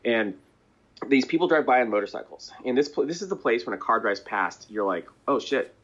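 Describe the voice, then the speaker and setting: A man's voice: mid-range voice, lively intonation, a little fast, a bit bright. A man talking at length as a guest in a casual interview, rambling and chuckling between thoughts. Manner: rambling, chatty, chuckles and clears throat. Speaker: band member, interview guest. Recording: dull lo-fi audio.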